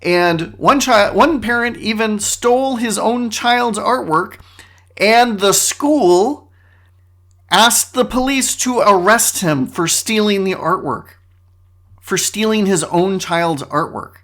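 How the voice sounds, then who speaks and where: A man's voice: sits high, slow pace, fairly bright tone. Wry sarcastic man hosting a podcast. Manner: sarcastic, wry, mock-boastful asides. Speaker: podcast host. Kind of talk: comedic solo podcast monologue.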